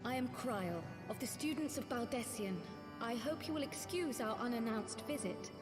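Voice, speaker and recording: A woman's voice: a little high, moderate pace, close to an everyday voice. A woman voicing a polite, formal young scholar in a video game. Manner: formal, courteous. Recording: game audio with long reverb. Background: game music.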